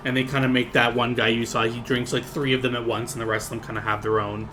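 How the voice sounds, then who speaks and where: A man's voice: mid-range voice, level tone, fast, background noise. A man narrating as game master in a casual, rambling way with lots of fillers.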